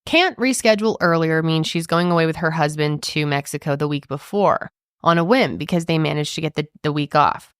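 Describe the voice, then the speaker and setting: A chatty woman co-host with a lowish voice, reading a forum post aloud with lively emphasis. The sound is dry and close, with no room echo. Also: a little fast, smooth. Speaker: podcast co-host.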